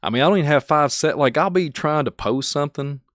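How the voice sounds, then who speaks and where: A man with a Kentucky accent, hosting his channel and chatting casually, rambling and chuckling often, turning soft and emotional. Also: a little high, fast, dry recording, clean studio sound. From Kentucky, USA. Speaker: channel host. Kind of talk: casual thank-you vlog chat.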